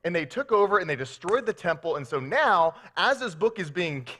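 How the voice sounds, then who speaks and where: Animated, lively-voiced male pastor. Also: high-pitched, a little fast. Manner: animated storytelling with playful acted quotes. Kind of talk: sermon.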